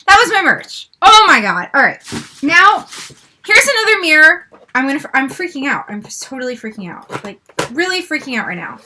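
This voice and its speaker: A woman's voice: high voice, sing-song, moderate pace, sharp tone, slight background noise. Gasping, squealing woman in her forties. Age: 40s. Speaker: vlogger. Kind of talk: unboxing vlog.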